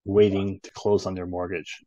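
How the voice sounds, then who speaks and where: A man in casual chat, a real estate agent who laughs easily and reacts in a lively way. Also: low-pitched, normal speed, no room sound, highs cut off.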